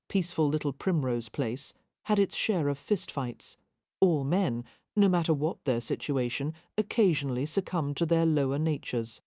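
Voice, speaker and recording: This is a clean, dry studio recording of a woman narrating an audiobook. She has a deep voice and reads the scripted text in an even, measured storytelling style.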